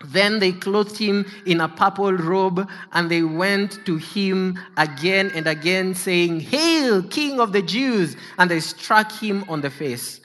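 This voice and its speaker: A man preaching in a church, reading scripture with dramatic flair. His voice is high and bright and sits forward. The words ring out with the long reverb of a large sanctuary. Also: slow pace, hardly any pauses, a little hiss or hum. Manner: dramatic reading, giving the quoted figures their own inflection.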